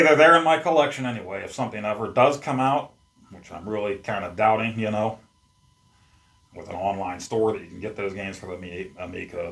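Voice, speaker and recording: Sitting among his game collection at home, this YouTube host rambles through a casual unboxing as he handles the gear. His voice sits low with vocal fry and a fairly bright tone.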